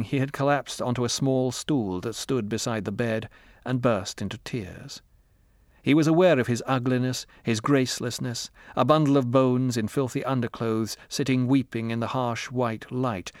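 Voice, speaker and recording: A man narrating an audiobook with measured, grave storytelling. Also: medium pitch, no echo, studio quality. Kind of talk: scripted narration.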